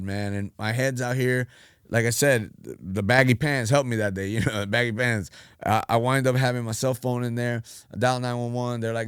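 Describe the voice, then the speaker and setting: A middle-aged man, a pastor, telling his life story in animated casual talk and acting out the voices he quotes. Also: medium pitch, fairly quick, clear, resonant tone, no room sound, clean studio sound. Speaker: pastor, podcast guest.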